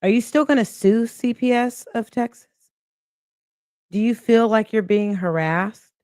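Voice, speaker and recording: A woman hosting a reaction livestream talks slowly to her viewers with critical, exasperated commentary. Her voice is fairly high, a little mellow, clear, and resonant, recorded in studio quality with no echo.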